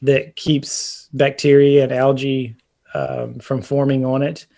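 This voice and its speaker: This home-repair podcast co-host speaks slowly in a medium-pitched voice with a dark tone, vocal fry, and a flat delivery. Chatting casually about roofing, he explains at length, restarting often and using plenty of fillers.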